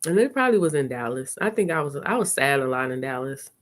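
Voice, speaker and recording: A woman hosting a live chat, telling stories casually, swearing, and playing out conversations in quick voices. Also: rumbling low. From lived in New Orleans. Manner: chatty, animated, swearing, retells talks in quick voices. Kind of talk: casual live-stream storytelling.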